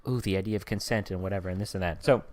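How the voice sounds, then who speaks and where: A man's voice: steady tone, racing, a little mellow, no echo. A man co-hosting a casual podcast chat, joking around with lots of fillers. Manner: jokey, lots of fillers, breaks into silly high voices. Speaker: podcast co-host.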